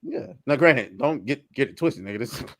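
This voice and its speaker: A man telling a story in casual podcast chat, animated and laughing as he acts out the characters. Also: medium pitch, fast, dry recording, clean studio sound. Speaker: podcast co-host.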